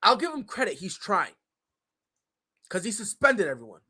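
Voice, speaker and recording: A man's voice: high voice, very animated, normal speed, sharp tone, breathy edge. A man co-hosting a sports betting show, ranting heatedly and cursing about wrestling drama. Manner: profane, fired-up ranting. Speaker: co-host. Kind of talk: heated podcast rant.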